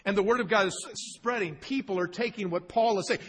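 Pastor guy preaching verse by verse, high husky voice, big echoey hall. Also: a little fast, fairly bright tone. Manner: asks the congregation questions, emphatic repetition. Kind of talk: expository sermon. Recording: long hall reverb, husky.

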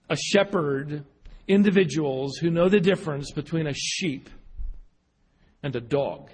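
A man's voice: on the high side, normal speed, breathy edge. A man delivering a sermon, telling a story with frequent restarts and repeated words, then building to emphatic peaks. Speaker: preacher. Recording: hall reverb.

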